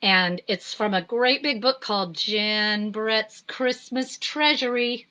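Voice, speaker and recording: A woman artist hosting a children's story time, chatting gently with many ums. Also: a little high, slow, poor audio. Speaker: artist reading picture books to children. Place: home.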